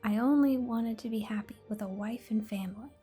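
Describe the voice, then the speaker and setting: A woman's voice: on the high side, a little fast, warm tone, breathy edge, faint music behind. A woman doing a growling masked phantom. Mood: snarling. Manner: growling, sobbing. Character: masked lonely man, snarling then sorrowful.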